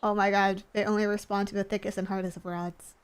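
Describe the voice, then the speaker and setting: A woman's voice: mid-range voice, little pitch movement, fast, smooth. A woman streamer chatting casually over a fishing game, teasing and coaxing in a playful, flirty way. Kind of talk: casual gameplay commentary.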